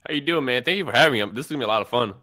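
A man taking part in a quiz over a call, lively and excitable. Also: medium pitch, rapid-fire. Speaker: YouTuber and quiz contestant.

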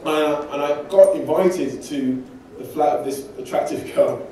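Speaking at a measured pace in a fairly high, warm voice, a man from England delivers a sermon full of personal anecdotes and self-deprecating jokes, told conversationally. A distant mic catches him in an echoey church hall, with slight background noise.

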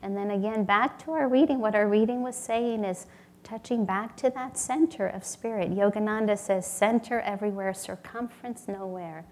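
A woman's voice: mid-range voice, moderate pace, a little mellow. A woman giving a sermon at a spiritual community temple, earnest and storytelling, acting out little voices in her anecdotes.

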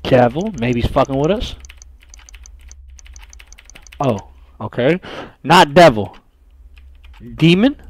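A young man streaming a horror game, loud, profane and jumpy, talking to his chat and to the game characters. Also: mid-range voice, very animated, slow pace, pauses often. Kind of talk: horror game playthrough commentary.

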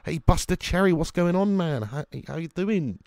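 A young man streaming a football video game, excitedly commenting, swearing at his players and greeting viewers in chat. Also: sits high, moderate pace, smooth, no echo, clean studio sound. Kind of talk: live game commentary and chat shout-outs.

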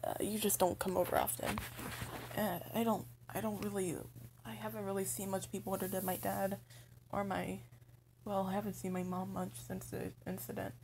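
A woman's voice: medium pitch, level tone, moderate pace, gravelly, a little mellow, a little hiss or hum, close to an everyday voice. A young woman playing a shy, lonely undead young being in a role-play spoken to the listener, stuttering and hesitant.

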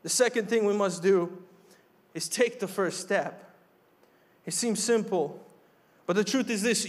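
A man's voice: high voice, measured pace. A young man preaching a sermon from the pulpit, emphatic and repeating his key phrases. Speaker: pastor. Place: church sanctuary.

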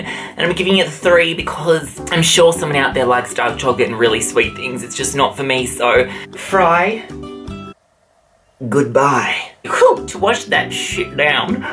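An Australian man hosting a casual taste-test vlog, talking in an animated, theatrical and sassy way. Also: fairly high pitch. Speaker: YouTuber.

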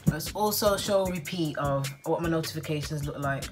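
A woman's voice: low-pitched, a little fast, loud music behind the voice. A young woman chatting casually to her phone camera in her bedroom, giggling often and drawing out her exclamations. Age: young adult. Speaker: vlogger. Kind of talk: casual vlog chat.

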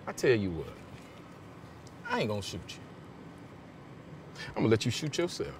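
A man's voice: on the low side, wildly swooping pitch, a little slow. An actor playing a furious, profane father who threatens a man with a gun, recorded outdoors in the woods from a distance. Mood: menacing. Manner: profane, menacing, shouting bursts. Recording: distant mic with clear outdoor noise.

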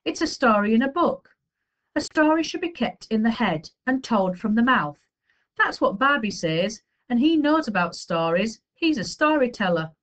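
A woman's voice: a little high, very animated, moderate pace, a bit bright. A woman voicing a young boy who speaks earnestly and with feeling in a read-aloud storybook. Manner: earnest, emotional pleading. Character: young boy, passionate about oral storytelling.

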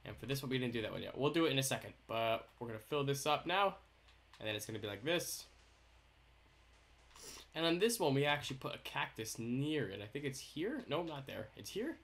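A young man talks through a game build in casual let's-play commentary. His voice is bright and bouncy, with pitch that swings widely. He keeps up a goofy, playful stream of jokes aimed at himself. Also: sing-song, fairly quick, vocal fry. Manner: goofy, playful, jokey self-talk. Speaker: gaming YouTuber host.

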